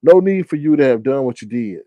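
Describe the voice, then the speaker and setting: A man in a casual livestream, giving animated, slangy commentary and often mimicking others in high voices. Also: brisk, no room sound.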